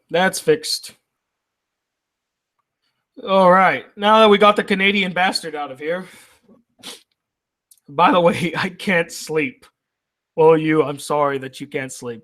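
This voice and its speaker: A man's voice: fairly high pitch, takes it slowly, long pauses, a bit bright. Casual profane man reading stream chat. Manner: reads chat aloud, loose and profane. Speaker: anime reviewer reading live chat.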